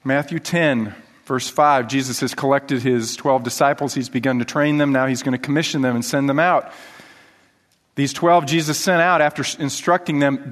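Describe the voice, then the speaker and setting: A male pastor giving an animated sermon, reading scripture aloud and asking the congregation rhetorical questions. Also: mid-range voice, moderate pace. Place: church hall. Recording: long reverb of a church hall.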